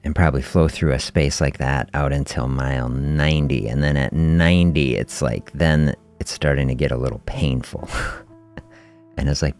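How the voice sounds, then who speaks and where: Speaking in a bass voice, a middle-aged man who hosts a fasting health podcast recounts a story on a laid-back livestream. He stays relaxed and thoughtful, often chuckling, over soft background music.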